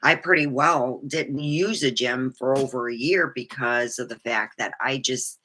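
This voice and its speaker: Bright-voiced woman telling her story frankly. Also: deep voice. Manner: candid, rambling, swears freely. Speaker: vlogger. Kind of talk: personal storytelling monologue.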